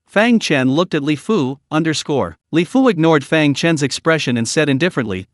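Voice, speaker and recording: A male storyteller narrates a fantasy recap in a fairly high voice with lively, rising and falling pitch. The recording is dry and close, with no room sound at all. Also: normal speed, few pauses, no room sound.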